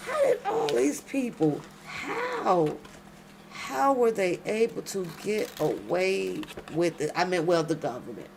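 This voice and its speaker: A woman's voice: fairly low pitch, gravelly, a little hiss or hum. A woman hosting late-night commentary at home, reading documents aloud and breaking off into emphatic, slangy remarks to her viewers. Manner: talks to viewers directly, loud emphatic outbursts, slangy. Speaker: commentary channel host.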